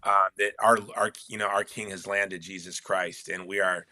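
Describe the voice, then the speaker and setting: A man being interviewed as a guest author, with a very bright, forceful voice recorded dry and close. He talks in an animated, emphatic way and often restarts his sentences. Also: sits low, normal speed, dry recording. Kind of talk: casual conversational interview.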